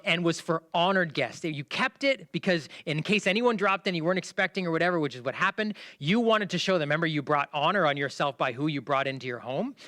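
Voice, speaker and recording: A man preaching a livestreamed sermon in a conversational storytelling way, acting out the people in the story and sometimes bursting into shouts. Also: on the high side, no room sound, clean studio sound. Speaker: pastor.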